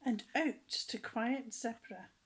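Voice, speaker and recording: A woman reading picture books aloud to children, gentle, with chatty asides and some lines whispered. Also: on the high side, slow pace, slight background noise, low-quality recording.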